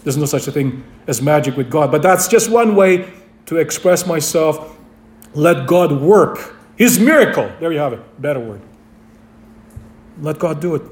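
Casting: emphatic male preacher, high voice, repeats his key lines, roomy echo. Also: animated, moderate pace, darkish tone. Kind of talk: sermon. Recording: echoey room.

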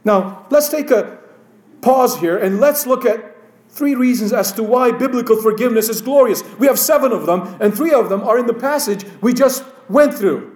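A man preaching a slow, emphatic sermon and reading scripture aloud. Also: extremely high pitch, expressive, a little mellow, reverberant.

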